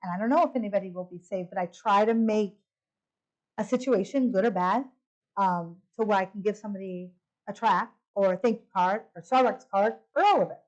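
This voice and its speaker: The recording is rough, but this middle-aged woman's medium-pitched, fairly quick voice comes through as she gives a testimony at a women's retreat. As the retreat speaker, she tells stories vividly and acts out the dialogue.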